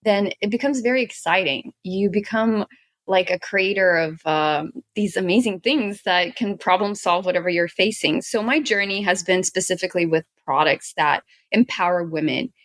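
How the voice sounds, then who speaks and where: A woman's voice: medium pitch, normal speed, no echo. A woman from Ukraine, a guest entrepreneur on a podcast, talking earnestly and emphatically, stringing her clauses together. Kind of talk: podcast interview.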